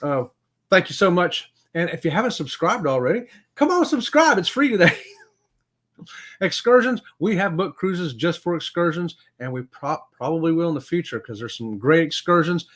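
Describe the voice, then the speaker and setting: A man's voice: on the high side, animated, normal speed, fairly bright tone. A middle-aged man hosts a casual livestream, reading out viewer comments in a folksy, upbeat way and chuckling often. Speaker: livestream host.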